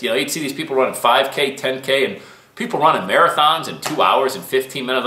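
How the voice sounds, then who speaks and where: A man's voice: medium pitch, lively intonation, fast, bright, forceful tone, reverberant. A man giving a fired-up, preachy motivational talk to camera from a small studio room. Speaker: motivational vlogger.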